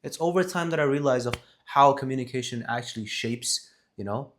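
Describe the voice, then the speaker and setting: A man's voice: medium pitch, fairly quick, slight background noise. A man talking casually to a camera about communication, rambling and correcting himself as he goes, with emphatic stresses. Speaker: vlogger on communication skills. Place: seated in front of a camera.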